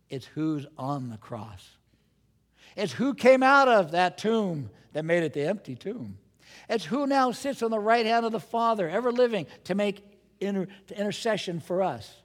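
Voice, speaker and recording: A man preaching a sermon as a pastor, animated and dramatic, asking rhetorical questions and acting out his listeners' voices. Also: high-pitched, normal speed, in a large hall.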